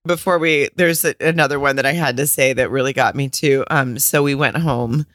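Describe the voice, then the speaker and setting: Bright-voiced, frank woman co-host. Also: very deep voice, fairly quick, no room sound, clean studio sound. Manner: candid, frank, swears freely, laughs often. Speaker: podcast co-host. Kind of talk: casual chat.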